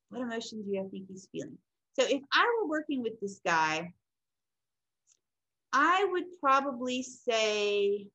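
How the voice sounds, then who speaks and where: Middle-aged female lecturer, fairly high voice with wide animated pitch, teaching counseling skills and acting out example exchanges. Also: rough recording. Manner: explains, then acts out client and counselor lines. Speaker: counseling instructor. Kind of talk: classroom lecture with role-play examples.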